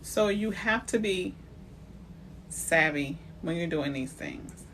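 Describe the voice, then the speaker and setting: A woman's voice: fairly low pitch, lively intonation, slow, fairly bright tone, slight background noise. A woman realtor talking live to viewers about credit in a chatty, direct way, greeting them by name as she goes. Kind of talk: live-stream talk on building credit.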